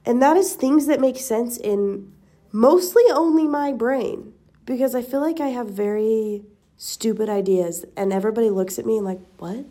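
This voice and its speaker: With a slightly high, mellow voice at a moderate pace, this young podcast host chats casually. She rambles, pokes fun at herself, and laughs a lot.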